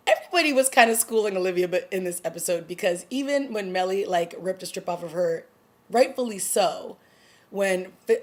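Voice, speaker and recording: A woman hosting her own TV review vlog, talking casually through an episode's plot and acting out the characters' lines in quick asides. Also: fairly low pitch. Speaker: TV review vlogger. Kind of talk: casual recap chat.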